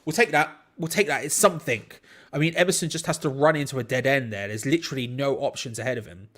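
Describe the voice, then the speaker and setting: Young male host, chatty rambling match watch-along commentary, mid-pitched. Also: fast talker, a bit bright. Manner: chatty, rambling, self-deprecating. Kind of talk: casual live match commentary.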